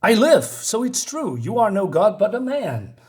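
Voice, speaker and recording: A man's voice: sits high, sing-song, normal speed, darkish tone, breathy edge, voice pushed up, exaggerated voice. A man reading the lines of a bold, curious young tribal woman from a comic book. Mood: wondering.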